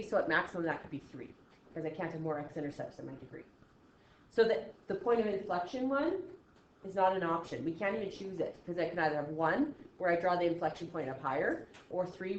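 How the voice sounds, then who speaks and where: A woman's voice: on the low side, lively intonation, quick pace, slight background noise. Chatty woman teaching math, roomy sound. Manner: chatty, acts out student reactions, frequent "okay?" check-ins. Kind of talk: recorded classroom math lesson. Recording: slightly dull, roomy recording.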